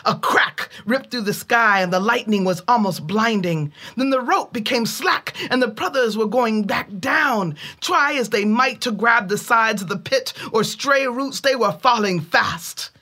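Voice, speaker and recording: A woman telling a folk tale in a measured way, with dramatic pauses. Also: on the high side, bright, forceful tone. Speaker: storyteller. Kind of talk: oral storytelling.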